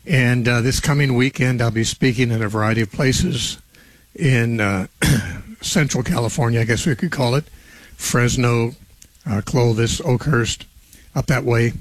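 Unhurried man hosting a call-in radio show. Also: mid-range voice, no room sound. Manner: unhurried, conversational, clears throat often. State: slightly rough voice, not yet warmed up. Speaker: radio talk show host.

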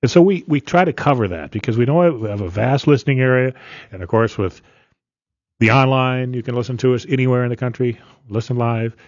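A man's voice: mid-range voice, brisk, a little mellow, dry recording, highs cut off. An older man talking plainly on a radio show, rambling a little with fillers. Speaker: longtime radio news guest. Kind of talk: casual radio conversation.

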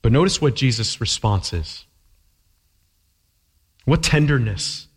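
A man's voice: mid-range voice, expressive, takes it slowly, long pauses, breathy edge. A man preaching a sermon as pastor, emphatic and fond of rhetorical questions, with a long echo from a large hall.

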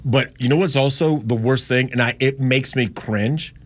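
A man's voice: medium pitch, normal speed. A man in his fifties from the American South, a radio host with a light Southern accent, talking in a rambling, opinionated way and correcting himself often. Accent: Southern US, Carolinas. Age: 50s. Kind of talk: casual radio talk.

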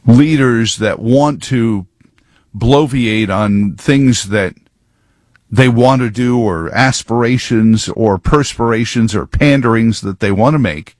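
A man's voice: mid-range voice, takes it slowly, a little mellow, no room sound. A man giving rambling, sarcastic political commentary full of wordplay.

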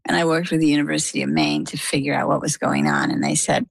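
An older woman tells her story to an interviewer, slipping into the voices of the people around her as she goes. Her voice sits low with a gravelly edge. The sound is close and dry. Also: fast, no echo, low-quality recording. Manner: animated anecdotal telling with quoted dialogue. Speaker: interview guest. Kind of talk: conversational storytelling. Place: lives on the coast of Maine.

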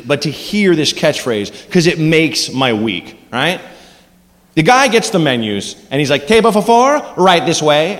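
A man doing a stand-up set on a club stage, animated and jokey. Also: a little high. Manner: animated, jokey, acts out voices. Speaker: stand-up comedian. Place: comedy club stage before a live audience. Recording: live club recording with long reverb and background noise.

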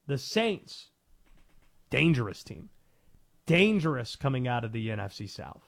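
A man's voice: mid-range voice, very animated, a little slow, gravelly, pauses often. A man hosting a sports talk radio show, chatting and asking questions. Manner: conversational, questioning.

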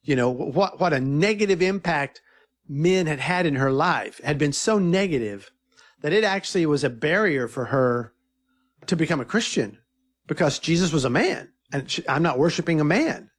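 A middle-aged man with a fairly high speaking voice tells stories in an interview. He is earnest and animated, and he often backs up and restarts his sentences as he goes. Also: moderate pace. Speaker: filmmaker guest. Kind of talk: conversational interview storytelling.

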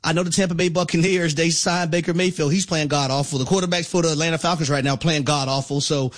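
A male radio co-host giving measured sports analysis and repeating words for emphasis. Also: on the high side, fairly even intonation.

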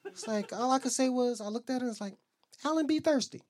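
A man's voice: extremely high pitch, fairly even intonation, quick pace, crowd noise. A young man doing a profane stand-up routine, telling stories and acting out quotes. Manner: profane, storytelling, acts out quotes, audience laughs. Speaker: stand-up comedian.

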